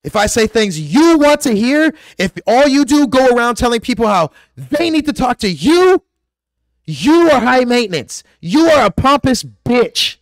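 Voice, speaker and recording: High-voiced man ranting profanely. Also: very animated, a little slow, no echo, clean studio sound. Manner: aggressive, profane and preachy. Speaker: conspiracy vlogger. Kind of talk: ranting monologue to camera.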